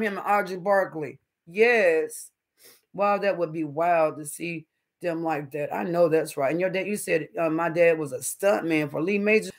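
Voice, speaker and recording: A middle-aged man, chatting casually with viewers on his livestream and telling animated stories. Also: a little high, moderate pace. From North Carolina, US. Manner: animated storyteller, calls viewers honey and baby. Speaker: livestream host. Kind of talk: casual live-stream chat with viewers.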